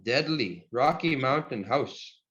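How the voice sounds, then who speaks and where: A man teaching a Cree language class over a video call, friendly and encouraging, chuckling often and slowing down to model each word. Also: mid-range voice, animated, a bit bright. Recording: dull lo-fi video call audio.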